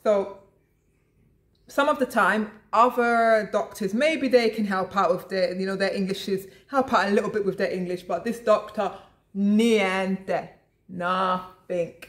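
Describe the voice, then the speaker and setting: A woman's voice: mid-range voice, steady tone, measured pace. Chatty woman vlogger talking to camera. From lives abroad in Italy. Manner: chatty, addresses viewers as guys, frequent restarts. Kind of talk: casual vlog chat to camera.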